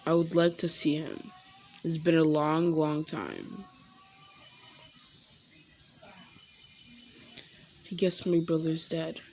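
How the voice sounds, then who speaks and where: A woman voicing a young man back from the void, speaking with stiff politeness and a quiet, saddened manner. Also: fairly high pitch, a little slow, faint music behind. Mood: subdued, sad.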